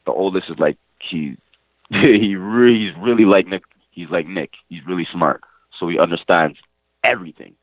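A young adult man from Montreal, the nephew of the deceased, tells his own story in an interview with a low voice at a normal pace. He's casual and emphatic, packing in slang, repeated phrases and swearing. The audio is tinny like a phone line and completely dry, with no room sound.

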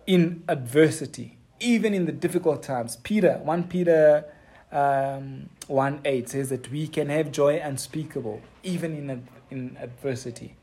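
Male pastor, earnest, halting sermon delivery, warm mellow voice. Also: mid-range voice. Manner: earnest, halting, with many fillers and restarts. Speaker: preacher.

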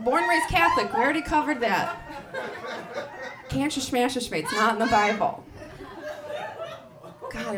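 High-voiced woman doing stand-up. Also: recorded from a distance, noisy background. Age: 30s. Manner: animated storytelling with big jumps to loud shouted voices. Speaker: stand-up comedian. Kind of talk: stand-up comedy set. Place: comedy club stage. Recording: live club recording with crowd laughter. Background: audience laughter.

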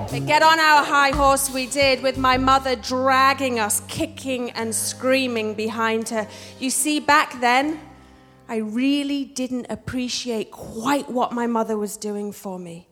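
A woman's voice: high voice, fairly even intonation, a little slow, sharp tone, faint music behind. A woman from England with a working-class English accent, telling a wry, self-mocking story live on a theater stage, with hall reverb. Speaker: storyteller, actress.

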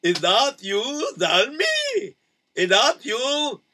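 Man doing old uncle, very high squeaky voice, slow drawl, wondering. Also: huge pitch swings, bright, forceful tone, slight background noise, heavily acted. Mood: amazed. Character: surprised kindly old uncle on a farm.

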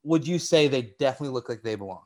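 A man's voice: mid-range voice, animated, racing. A man hosting a casual sports podcast, asking long rambling questions and repeating phrases as he works them out. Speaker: podcast host.

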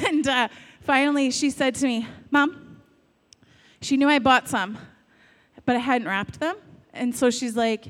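Woman w a high voice giving a chatty sermon, lots of questions and mom stories, long hall echo. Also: a little slow, fairly bright tone. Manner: casual, storytelling, many rhetorical questions. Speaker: speaker giving a talk on faith. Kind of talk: conversational sermon.

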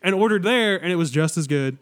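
A man's voice: a little high, expressive, fast, noisy background. Young man rambling through wry anecdotes. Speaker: podcast co-host. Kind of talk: casual chat.

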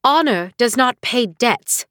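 A woman's voice: on the high side, very animated, normal speed, a bit bright, no echo, studio quality. A woman voicing a stern aristocratic mother who speaks in cold, clipped, dismissive lines in an audiobook. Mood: icy. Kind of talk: audiobook character reading.

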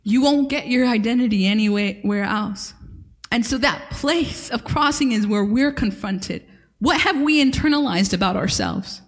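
Woman pastor, emphatic repetitive sermon delivery, higher voice, reverberant church hall. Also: unhurried. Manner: earnest, emphatic preaching with repeated phrases. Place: church service.

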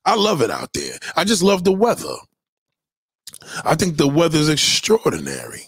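A man hosts a livestream, talking in a loose, profane and confrontational way. His pitch swings up and down a lot, and the sound is dry and close, with no room behind it. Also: wildly swooping pitch, moderate pace, creaky, husky, no room sound. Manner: profane, confrontational, shout-outs to viewers. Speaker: livestream host. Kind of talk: casual livestream rant.

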